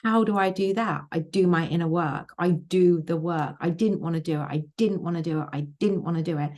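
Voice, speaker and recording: A woman's voice: lowish voice, brisk, a little mellow. A woman coaching on manifestation in a casual motivational vlog, emphatic, repeating phrases and swearing freely.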